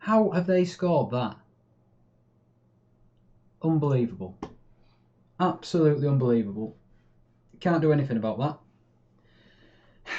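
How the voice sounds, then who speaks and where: A man talks over his own game, narrating plays as they happen in a chatty, easily frustrated way. His voice sits at an average pitch with a mellow, dark tone. The recording is a bit muffled and lo-fi, like a basic home mic. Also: slow, long pauses. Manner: chatty, swings between calm and exasperated. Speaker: gaming YouTuber. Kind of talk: live game commentary.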